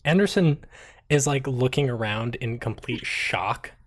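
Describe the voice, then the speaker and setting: A game master narrating a tabletop game in an animated way, laughing often and filling with likes and uhs. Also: medium pitch, a little slow.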